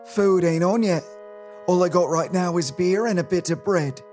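A man voicing a curt, annoyed male tavern barkeep who talks bluntly and loudly. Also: high voice, moderate pace, soft background music, pitched above the performer's own voice, lightly acted. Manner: blunt, loud and clipped.

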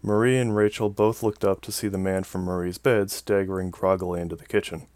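Deep-voiced man reading a story. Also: level tone, brisk, darkish tone, no room sound. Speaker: audiobook narrator. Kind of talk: scripted narration.

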